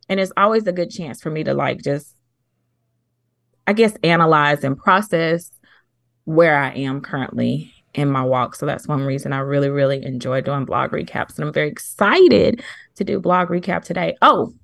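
A woman's voice: deep voice, vocal fry, a bit bright, no echo, studio quality. A woman co-hosting a casual podcast, chatty and rambling, a little out of breath at times. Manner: chatty, rambling, laughs easily. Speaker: podcast co-host.

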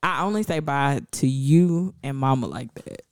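A woman co-hosting a faith podcast in casual chat, laughing often and speaking with emphatic warmth about God. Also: very deep voice, normal speed, no echo, clean studio sound. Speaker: podcast co-host. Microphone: podcast microphone.

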